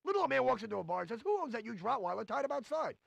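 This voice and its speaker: Brash nightclub comic, high and lively, rattles jokes off fast. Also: male voice, gravelly, dry recording, full character voice. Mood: joking. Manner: punchy set-up and punchline delivery, quick switches into quoted voices. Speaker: stand-up comic in a game. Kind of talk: stand-up joke delivery.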